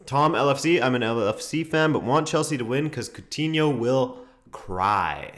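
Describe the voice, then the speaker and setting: A man's voice: medium pitch, lively intonation, normal speed, a bit bright. A young man hosting a football watchalong stream, chatting casually, reading viewer comments and reacting to the match with laughs and exclamations.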